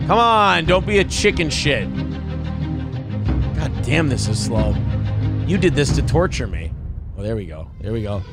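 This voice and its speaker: A man hosting a casual livestream, reading super chats in a profane, rowdy way with sudden loud outbursts, a little drunk. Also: medium pitch, sing-song, unhurried, pauses often, over loud music. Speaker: livestream host.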